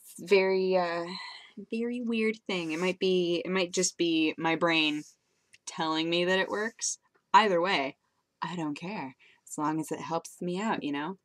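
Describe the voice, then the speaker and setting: A woman's voice: fairly low pitch, fairly even intonation, unhurried, a bit bright. A young woman vlogging casually into her webcam, telling rambling stories with frequent giggles. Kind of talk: casual chatty vlog.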